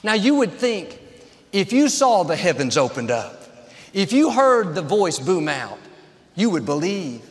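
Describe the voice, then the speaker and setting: A man's voice: high-pitched, big pitch swings, unhurried, big-room sound. A man preaching a sermon as a pastor, with an emphatic cadence built on short, repeated phrases.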